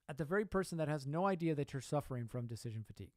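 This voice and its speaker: A man's voice: fairly high pitch, lively intonation, rapid-fire, no room sound. Emphatic man giving a motivational talk. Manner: emphatic, asks rhetorical questions and repeats points. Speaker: podcast host.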